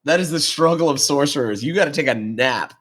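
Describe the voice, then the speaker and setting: A man's voice: a little high, a little fast, fairly bright tone. A man playing a tabletop game, griping and swearing casually. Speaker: player.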